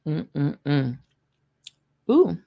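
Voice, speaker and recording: Woman, low voice, chatty livestream host, rambling, laughs often. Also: very animated, very slow, creaky, highs cut off, slight background noise. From Louisiana, USA. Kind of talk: casual live tasting chat.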